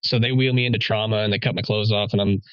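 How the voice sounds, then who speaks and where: A police officer guest telling a story in a casual podcast chat, rambling with many fillers and a wry sense of humor. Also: male voice, fairly low pitch, fairly even intonation, fast talker, fairly bright tone, smooth, dry recording, highs cut off.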